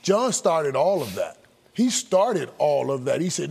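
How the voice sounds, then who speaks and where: A man's voice: fairly high pitch, sing-song, unhurried, creaky, darkish tone, husky. A man on a studio panel, speaking emphatically and often repeating his phrases. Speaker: analyst. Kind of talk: studio discussion.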